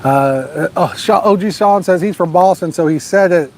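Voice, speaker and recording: A man's voice: high-pitched, moderate pace. Laid-back man hosting a fishing livestream. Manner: laid-back, drawling, urges viewers to like and subscribe. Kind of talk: casual live-stream chat, reading viewer comments. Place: outdoors at a lake at night, storm nearby.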